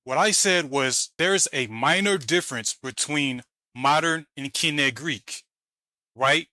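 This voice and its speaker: A man hosts commentary on a debate clip in a combative, mocking manner. His voice is bright and a little raised. The sound is dry and close, with hardly any room in it. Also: fairly high pitch, takes it slowly, no echo. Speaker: host. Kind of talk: scripture reading.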